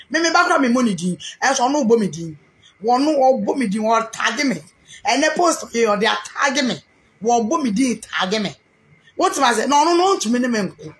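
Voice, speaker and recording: A Ghanaian businesswoman speaking with a Ghanaian accent in a heated, animated rant to camera, repeating herself for emphasis. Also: on the high side. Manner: animated, repetitive, mixes Twi and English.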